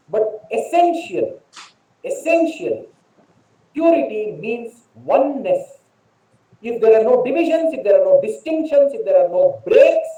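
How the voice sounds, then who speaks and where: Man, Indian English accent, monk's spiritual lecture, dark warm tone, echoey distant room sound. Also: very high voice. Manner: repeats key phrases for emphasis, asks and answers his own questions. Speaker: monk giving a spiritual talk. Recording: distant, echoey, dull online lecture audio.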